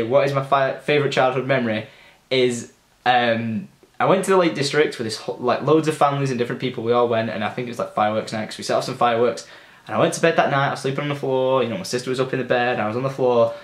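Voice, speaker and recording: Young man, gaming vlogger, casual storytelling, chatty and loose, roomy echo. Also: mid-range voice. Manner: chatty, loose, swears freely, many fillers. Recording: echoey room.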